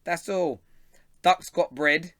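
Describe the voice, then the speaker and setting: A young man with a London accent hosting a live fan show, chatty and quick to laugh as he reads out viewer comments. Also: fairly high pitch, bright, forceful tone, no echo, studio quality. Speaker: host.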